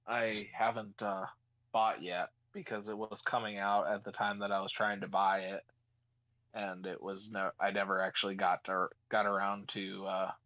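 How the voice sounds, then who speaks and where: A man with a lowish voice chatting casually over a call, easygoing and halting, with plenty of pauses. His earbud mic sounds dull and muffled, and the audio is dry with no room sound. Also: fairly bright tone, no echo. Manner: easygoing, halting, many fillers. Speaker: call guest.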